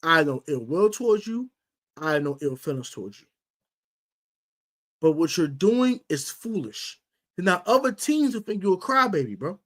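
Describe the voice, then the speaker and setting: A woman hosting a sports podcast goes on an exasperated, scolding rant over a live stream, heavy with slang. She swings between loud outbursts and low muttering at a normal speed.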